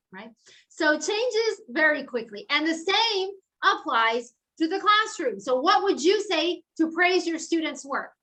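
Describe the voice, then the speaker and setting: Brief: middle-aged female lecturer, high and bright, animated and chatty, video-call sound. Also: unhurried, rough recording. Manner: chatty, animated, peppered with "like" and "right?". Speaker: guest lecturer. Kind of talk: lively online lecture.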